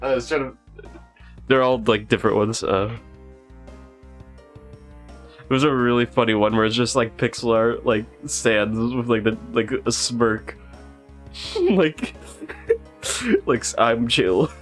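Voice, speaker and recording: A man's voice: medium pitch, expressive, unhurried, pauses often, faint music behind. A man streaming a story game, chatting casually with lots of laughs and fillers. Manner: giggly, rambling, many fillers.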